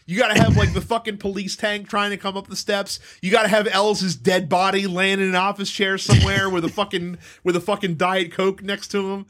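A man with a somewhat high voice, chatting on a podcast. He riffs excitably, swears freely and laughs a lot. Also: brisk, hardly any pauses. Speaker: podcast co-host. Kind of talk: casual chat.

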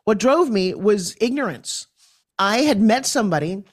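A woman from New York, a podcast guest, telling her story in an animated and forthright way. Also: medium pitch, moderate pace.

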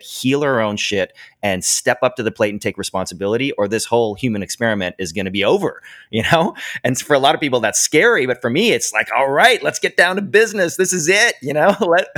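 A man's voice: medium pitch, a bit bright, no room sound, studio quality. A middle-aged man hosting a podcast, talking in an enthusiastic, affirming and reflective way in casual conversation. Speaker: podcast host.

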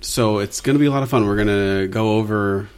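A man's voice: fairly low pitch, brisk, smooth. A man hosting a podcast, talking casually and rambling with plenty of fillers. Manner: relaxed, rambling, chatty with fillers. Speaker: podcast host. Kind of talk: casual chat.

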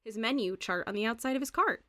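A chatty woman game master setting scenes with lots of fillers and easy laughter. Her voice sits a little high and sounds dry and close to the mic. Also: fast talker, pushed and bright, no echo. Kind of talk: casual tabletop game narration.

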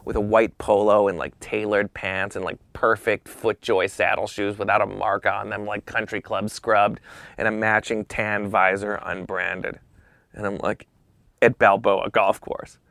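A man tells a rambling, animated anecdote in a relaxed podcast chat. His voice has a gravelly edge. The sound is dry and close. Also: fairly low pitch, a little slow, dry recording. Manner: animated anecdote with profanity and whispered asides. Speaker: guest telling a story. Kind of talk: casual podcast storytelling.

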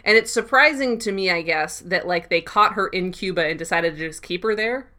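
A woman's voice: on the low side, fairly quick, sharp tone. A woman co-hosting a podcast, chatting casually and laughing as she recaps a TV episode. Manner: laughing, recapping with playful quoted voices. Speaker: podcast co-host.

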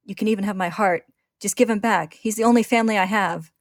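A woman's voice: lowish voice, steady tone, a little fast, dry recording, studio quality. A woman voicing a desperate teenage boy alchemist, talking in an urgent, pleading way. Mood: furious.

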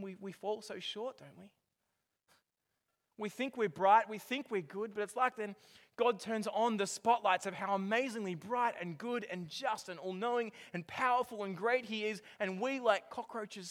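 A man preaching a sermon, telling a story with lively swings from hushed to loud. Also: sits high, normal speed. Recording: long hall reverb with faint music.

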